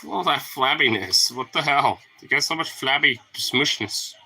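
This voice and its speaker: Playful, profane man with a bright voice. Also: mid-range voice, animated, normal speed, breathy edge. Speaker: dog owner. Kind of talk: casual vlog talking to his dog.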